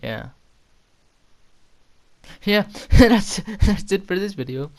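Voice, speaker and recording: A man's voice: high-pitched, lively intonation, takes it slowly. A teenage boy casually telling a story as a vlogger, rambling, stammering and swearing as he goes.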